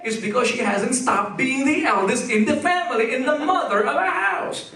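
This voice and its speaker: A middle-aged man preaching a sermon as pastor, animated and leading the congregation in call-and-response. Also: very high voice, moderate pace, roomy sound, distant mic, noisy background. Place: church sanctuary.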